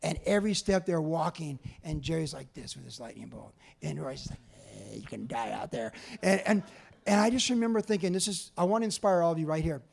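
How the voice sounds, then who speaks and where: Animated high-voiced man in his 60s. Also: fast, vocal fry, hardly any pauses. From California. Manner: animated, acts out other people's lines. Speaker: author giving a talk. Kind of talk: storytelling presentation. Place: museum talk before an audience.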